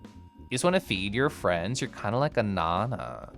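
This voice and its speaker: A man from Kansas, live-streaming in casual chat as he reads and answers his chat, playful and quick to laugh. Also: creaky, faint music behind. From Kansas, United States. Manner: animated and playful, swings his pitch, laughs often.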